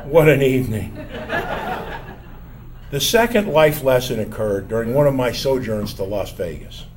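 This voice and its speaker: An older man telling a personal story from his college years in a measured, wry, self-mocking way. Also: medium pitch, animated, background noise.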